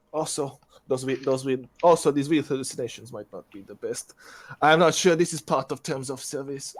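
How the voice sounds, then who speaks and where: A man's voice: mid-range voice, moderate pace. A man playing a ship's captain in a tabletop game, speaking in a hesitant, stammering way. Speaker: player. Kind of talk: in-character tabletop role-play.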